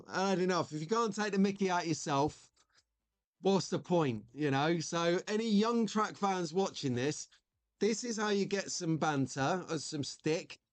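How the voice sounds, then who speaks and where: A chatty man hosting a live stream, joking along with his viewers as he goes. His voice sits a little high. It is recorded close and dry, with no room sound. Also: dry recording. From United Kingdom. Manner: chatty, jokey, reads out viewer comments. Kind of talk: casual live stream chat.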